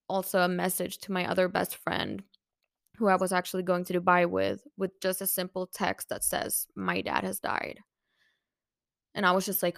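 A woman's voice: fairly low pitch, creaky, a bit bright, no echo, studio quality. A young woman hosting a podcast and telling a personal, emotional story, using lots of filler words. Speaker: podcast host.

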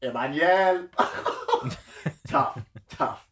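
A man co-hosting a casual podcast chat, animated, laughing often and talking in slang. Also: fairly high pitch, drawn-out words, crowd noise. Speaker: podcast co-host.

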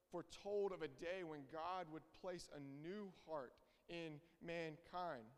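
A man's voice: sits high, clear, resonant tone. A young man preaching a sermon, earnest and emphatic, repeating his key phrases. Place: church hall. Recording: reverberant hall.

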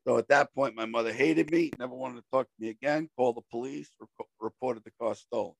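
A man telling a story in casual talk with a friend, animated and acting out shouted quotes. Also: mid-range voice, fast talker, gravelly, no echo.

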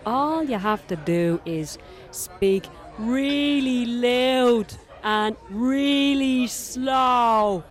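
Lady doing a breezy dublin guy giving advice, dublin accent, squeaky high, all reassuring. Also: sing-song, normal speed, hardly any pauses, faint music behind. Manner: chirpy and reassuring. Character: breezy know-it-all Dublin man, the friend.

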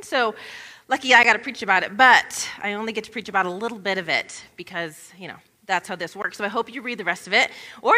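A woman's voice: medium pitch, sharp tone. A woman pastor giving a conversational sermon, chatty and informal, with lots of casual asides. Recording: long reverb of a large hall.

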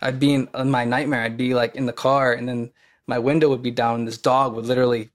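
A man's voice: medium pitch, level tone, fast. A young man, a podcast guest and actor, telling a personal story in casual conversation, rambling with fillers and restarts and acting out quoted voices.

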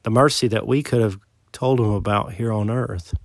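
A man preaching a sermon in an earnest voice, asking rhetorical questions and swelling louder before dropping low. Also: normal speed, dry recording.

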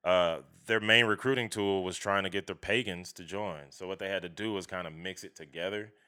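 Deep, bright-voiced man talking bluntly. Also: brisk. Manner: blunt, profane, animated storytelling. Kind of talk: casual chat.

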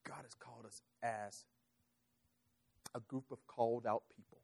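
A man preaching a sermon, telling a personal story in an animated, conversational way. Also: mid-range voice, a little slow, gravelly, breathy edge. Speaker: pastor.

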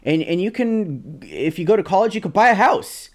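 Guy doing a high chirpy boomer voice, preachy and cheerful, old man lecturing. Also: very animated, normal speed. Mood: preachy, upbeat.

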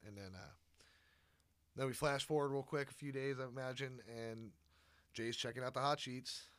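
Profane man recapping a movie. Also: medium pitch. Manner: profane, animated retelling with quick impressions of characters. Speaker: podcast host. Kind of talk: casual movie recap chat.

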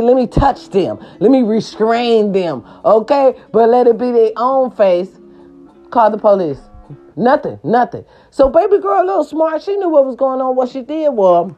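A woman, hosting a casual monologue and scolding her viewers in a brash, profane way, with her voice jumping high for emphasis. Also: dark tone. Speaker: host of a talk segment. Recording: slightly dull lo-fi sound.

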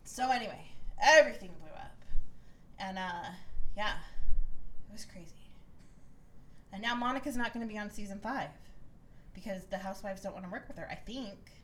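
A woman co-hosting a podcast, casually recapping a reality show and telling the story with lively, acted-out quotes. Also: medium pitch, normal speed, long pauses, poor audio. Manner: animated storytelling, acts out quotes in raised voices. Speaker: podcast co-host.

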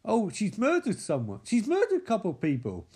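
A man giving sweary, excitable running commentary on a movie. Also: high voice, fairly quick, breathy edge.

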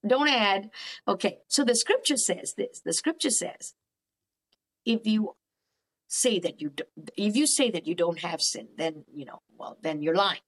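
A woman therapist speaking in an animated, emphatic way about faith, often repeating phrases for stress. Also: fairly low pitch, moderate pace, breathy edge, low-quality recording. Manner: animated, acts out dialogues with God. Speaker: cognitive therapist guest. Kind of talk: faith-based counseling talk.

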